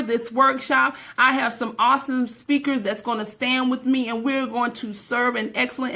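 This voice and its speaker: A woman hosts a live stream, calling out viewers by name with a lot of energy. Her voice sits high and sounds bright and forceful. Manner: energetic, greets viewers by name, hyping the crowd. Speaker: host of a live-streamed motivational show. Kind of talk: live-stream hype talk.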